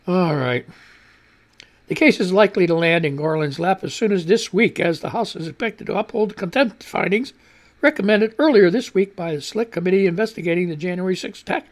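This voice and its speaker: Man radio host: profane news rants, voice swings up and down, climbs higher as he gets heated, throat clearing. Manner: profane, angry, reads headlines aloud then rants; voice climbs higher when worked up. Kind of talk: ranting news commentary.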